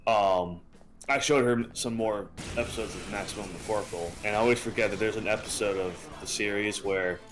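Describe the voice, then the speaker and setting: A young man co-hosting a live gaming stream, chatting in a lively way and laughing easily. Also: on the low side, moderate pace, poor audio. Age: young adult. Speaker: livestream co-host. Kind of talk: casual chat on a gaming stream.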